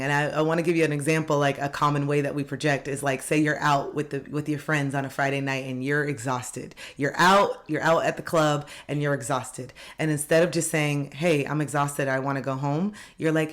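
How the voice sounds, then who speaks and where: A woman's voice: low voice, level tone, brisk, hardly any pauses. Earnest woman coaching on self-help. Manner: earnest and direct, repeats key phrases for emphasis. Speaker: life coach. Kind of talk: motivational self-help talk to camera.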